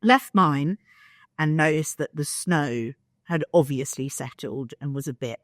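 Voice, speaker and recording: A low voice at a measured pace comes through in dry, studio-quality sound. The speaker, a young woman co-hosting a podcast, animatedly recounts a story in casual talk, playing out quotes and cursing freely.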